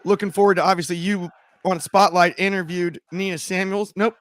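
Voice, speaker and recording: High-voiced chatty male host. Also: flat delivery, fairly quick, a bit bright. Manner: upbeat, chatty, laughs easily. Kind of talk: casual watchalong chat.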